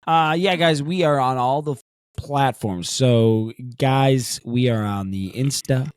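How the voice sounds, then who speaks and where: A man's voice: mid-range voice, slow pace, clear, resonant tone. A man co-hosting a casual podcast, laid-back and slangy, plugging the show's social media. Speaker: podcast co-host. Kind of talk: casual chat.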